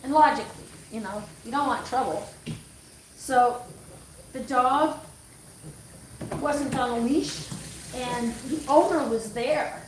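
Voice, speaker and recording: A woman's voice: high voice, slow, pauses often, distant mic, noisy background. A middle-aged woman dog groomer chatting on a livestream, telling a story in a rambling, self-correcting way. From Canada. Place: grooming room. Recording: echoey room, voice off-mic.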